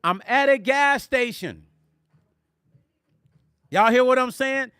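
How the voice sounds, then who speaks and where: A middle-aged man tells stories on a casual livestream in a high, bright voice. He talks animatedly and speaks directly to his viewers. The sound is dry and close. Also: takes it slowly, smooth, no echo, faint music behind. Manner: animated, addresses viewers directly, reads chat aloud. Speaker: musician and vlog host.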